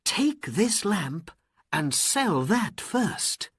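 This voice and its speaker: A reader voicing an earnest young boy hero, speaking in high, pleading exclamations in a storybook reading. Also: very animated, drawn-out words, a bit bright, breathy edge, no echo, studio quality, heavily acted.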